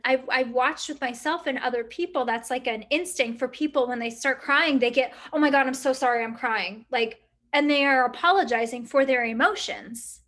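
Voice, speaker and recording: A middle-aged woman with a fairly high voice co-hosts a casual talk. She thinks out loud in long, winding sentences, full of "like" and "you know", and breaks into animated quoted remarks. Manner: rambling and reflective, many fillers, lively quoted asides. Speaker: podcast co-host. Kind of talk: casual chat.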